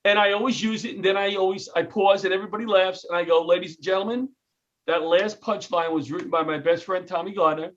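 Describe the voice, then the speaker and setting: Animated storytelling man, high voice. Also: fast talker, highs cut off. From New York. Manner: animated, jokey storyteller who acts out quotes. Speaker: comedian and retired firefighter, guest. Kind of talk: storytelling interview.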